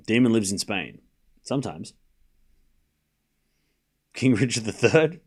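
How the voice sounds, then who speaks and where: A man's voice: lowish voice, lively intonation, slow pace, long pauses, a little mellow, breathy edge. A young Australian man streaming a tennis watchalong, calling scores and bantering with chat in a joking, sarcastic way. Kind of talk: live watchalong commentary and chat.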